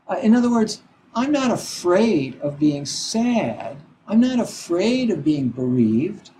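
A middle-aged man and Zen teacher giving a reflective dharma talk, speaking haltingly with frequent "you know" and many restarts. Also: high voice, big pitch swings, mellow, slight background noise, low-quality recording.

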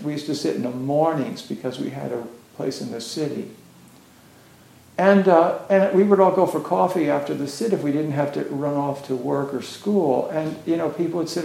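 A man's voice: fairly high pitch, fairly even intonation, moderate pace, creaky, darkish tone. A man giving a casual, rambling Zen dharma talk, full of "you know" fillers. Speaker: Zen teacher. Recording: roomy echo.

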